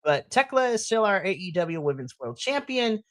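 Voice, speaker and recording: Animated woman co-host, playful. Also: medium pitch, normal speed, no echo. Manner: animated, laughing, playful emphasis. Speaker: podcast co-host. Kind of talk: casual wrestling chat.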